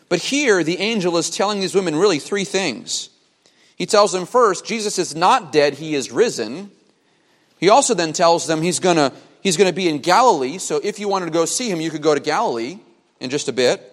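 A man preaching a sermon as a pastor, emphatic, with dramatic pauses and repeated phrases. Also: on the high side. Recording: long hall reverb.

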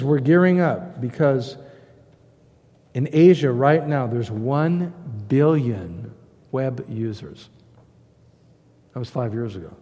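A pastor preaching a sermon, emphatic, repeating key phrases and swinging between loud stresses and quiet asides. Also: male voice, mid-range voice. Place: church sanctuary. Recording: long hall reverb.

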